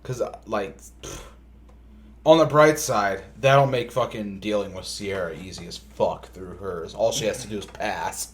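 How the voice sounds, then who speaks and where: A young man co-hosting a podcast, laid-back and profane, chiming in with quick reactions in casual chat. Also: lowish voice, a little hiss or hum. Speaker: podcast co-host.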